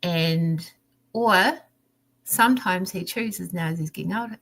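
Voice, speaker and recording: A woman's voice: lowish voice, measured pace, fairly bright tone. A woman on a livestream video call, chatting candidly and rambling, with frequent restarts and small laughs. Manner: rambling, restarts often, laughs, acts out her son's pleading. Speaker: livestream guest. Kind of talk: candid personal chat.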